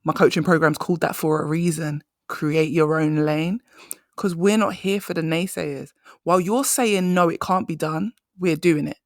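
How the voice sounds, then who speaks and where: A woman's voice: sits low, steady tone, normal speed, a little mellow, no room sound. Woman, career coach, storytelling, emphatic, dry close mic. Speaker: career coach, podcast host. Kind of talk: solo podcast monologue.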